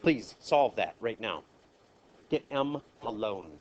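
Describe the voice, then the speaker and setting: A man's voice: lowish voice, expressive, slow pace, lo-fi sound, slight background noise. A man with a Minnesota accent teaching math in a classroom, asking the class questions and polling the students. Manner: asks the class questions, jokes and polls students. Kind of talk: classroom lecture.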